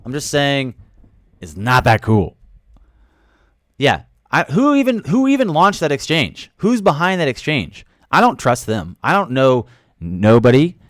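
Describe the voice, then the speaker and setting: Animated man hosting a crypto livestream. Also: medium pitch, clear, resonant tone, no room sound, clean studio sound. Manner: animated, jokey, talks to chat, loud sudden outbursts. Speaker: livestream host. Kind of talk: casual livestream chat reading comments. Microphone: studio microphone.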